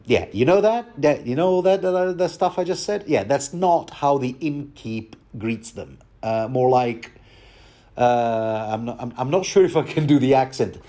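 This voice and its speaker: Male commentator, rambling and self-mocking, mid-pitched. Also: lively intonation, moderate pace, dark tone. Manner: chatty, self-mocking, many fillers. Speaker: book commentator.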